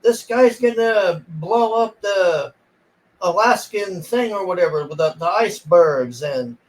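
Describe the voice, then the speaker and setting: A man's voice: high-pitched, expressive, a little slow, poor audio. A man mocking a whiny doom-preaching movie hero.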